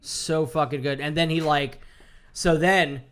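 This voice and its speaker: A man in casual chat, excitedly recapping a TV episode, swearing often and acting out the characters' lines. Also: fairly high pitch, a little slow, clean tone. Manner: excited, swears a lot, acts out quotes. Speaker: podcast co-host.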